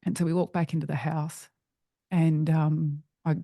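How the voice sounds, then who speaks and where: Middle-aged woman guest telling her story, mellow fry in the voice, halting restarts, dead dry sound. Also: low voice, flat delivery, no room sound. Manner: earnest, halting, with frequent restarts. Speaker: podcast guest. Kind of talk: personal storytelling in an interview.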